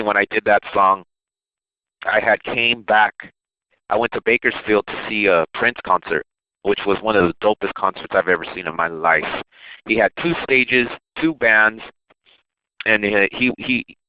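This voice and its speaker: A man talks about his music in a casual interview, meandering with restarts and quick laughs. His voice sits low. The recording is dry and narrow, with a tinny, phone-like quality. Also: clear, resonant tone, dry recording. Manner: loose, rambling, with restarts and laughs. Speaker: rapper and producer.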